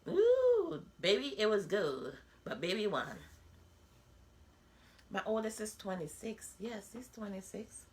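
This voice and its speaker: A woman's voice: mid-range voice, a little slow, long pauses. A woman, talking bluntly and candidly in a personal vlog monologue, full of rhetorical asides. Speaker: vlogger.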